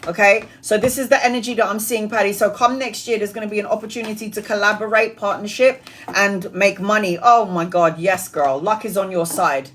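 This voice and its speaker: A woman in her forties doing a live-stream tarot reading, chatty and blunt, swearing casually and rattling off card meanings in quick lists. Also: medium pitch, fairly even intonation, fairly bright tone. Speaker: tarot reader.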